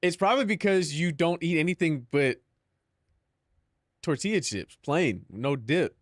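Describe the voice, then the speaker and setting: A man's voice: on the high side, expressive, a little slow, no room sound, studio quality. A young man chatting casually on a live stream, joking and mock-dramatic with lots of filler words.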